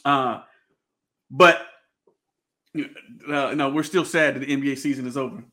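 Bright-toned guy hosting a sports chat, stops and restarts a lot. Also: medium pitch, steady tone, normal speed. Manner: hesitant, many fillers and restarts, laughs often. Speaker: podcast host.

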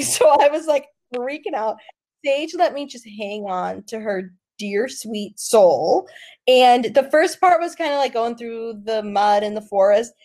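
A young woman hosting a podcast, telling a travel story in an animated, laughing way. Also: fairly high pitch, measured pace. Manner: animated, laughing, dramatic retelling. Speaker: podcast host. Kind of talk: casual storytelling chat.

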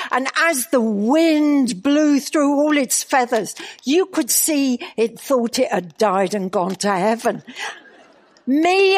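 An older woman with a Northern Irish accent tells a church story with humor and animation. Her voice sits high, and she speaks at a slow, unhurried pace, laughing now and then along the way. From Northern Ireland. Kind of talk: storytelling sermon. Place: church gathering.

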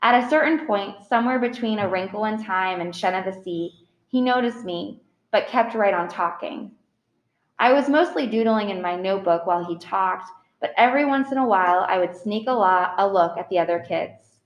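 A woman's voice: medium pitch, normal speed. Audiobook reader: a woman, earnest first-person narration, roomy echo.

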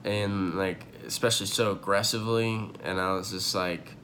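A man's voice: lowish voice, fairly even intonation, moderate pace, pushed and bright, slight background noise. A young man telling a long personal story in a casual, rambling way, full of fillers and swearing, at home. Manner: rambling, profane, filler-heavy with many likes. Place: home room.

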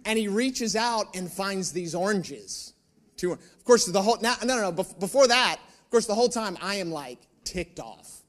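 A male pastor preaching, telling a personal story in an animated, self-mocking way with asides to the room. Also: high voice, moderate pace.

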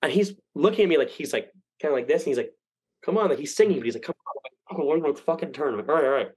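Young guy rattling off a story super fast, cursing a lot, doing everyone's lines. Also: fairly high pitch, husky, low-quality recording. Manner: rambling, profane, animated quoting. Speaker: podcast guest. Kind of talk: casual storytelling.

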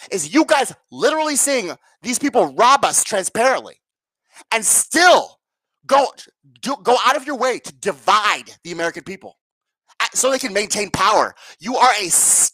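A woman's voice: fairly high pitch, lively intonation, fairly quick, a bit bright, husky, no echo. A woman ranting to her viewers as a political commentator, sarcastic, profane and exasperated. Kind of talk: angry political rant to viewers.

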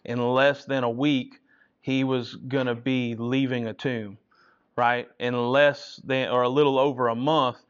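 A man's voice: mid-range voice, little pitch movement, a little slow, smooth. A man leading a Bible study in a conversational teaching style, often checking in with listeners by asking "right?" after his points. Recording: dull lo-fi recording.

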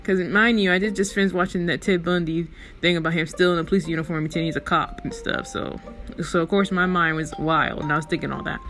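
Over faint background music, a woman with a fairly low voice talks quickly as she hosts her own show. She tells a personal story in a loose, rambling way, chatty and animated as she recounts it.

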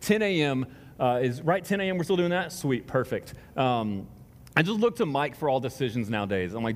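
Standing before his congregation in a large church hall, a pastor runs through casual announcements, rambling and poking fun at himself as he drifts off on tangents. His medium-pitched voice swings widely in pitch and moves fairly quickly. The big hall gives everything a long reverb.

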